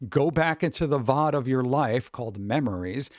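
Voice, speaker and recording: A man's voice: mid-range voice, lively intonation, moderate pace, dry recording, dull audio. A man streamer chatting casually and rambling with his live chat, swearing freely and talking straight to his viewers.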